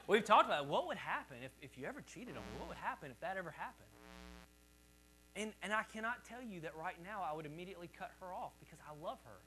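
A man's voice: high voice, sing-song, fast talker, bright, forceful tone, a little hiss or hum. A male pastor preaching a sermon in a conversational, joking way, calling on the congregation to repeat words back to him.

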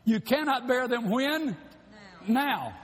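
A man preaching a sermon, shouting at times and rushing through asides. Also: extremely high pitch, animated. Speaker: pastor. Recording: long hall reverb.

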